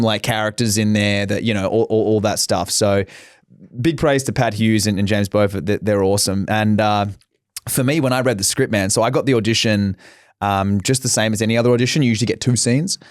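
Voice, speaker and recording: A man's voice: on the low side, no room sound, clean studio sound. A young man, an actor, telling candid stories in a casual interview and acting out the quotes. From Australia. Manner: candid storytelling with swearing and acted-out quotes. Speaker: actor guest.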